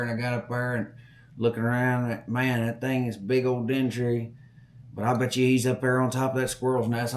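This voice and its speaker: A middle-aged man hosting a podcast, telling a story in a folksy way and acting out the voices. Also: mid-range voice. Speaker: podcast host. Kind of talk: storytelling chat.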